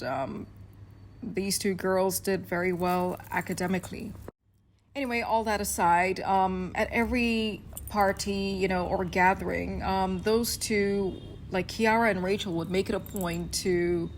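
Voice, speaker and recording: Slow, frank young woman ranting. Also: mid-range voice, a little hiss or hum. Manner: frank and profane, many fillers. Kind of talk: casual storytelling rant.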